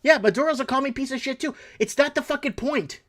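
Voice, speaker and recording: A man hosting a talk show, ranting angrily and cursing, swinging between shouted bursts and low muttering. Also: fast talker. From Portuguese heritage. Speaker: show host. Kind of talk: angry political rant.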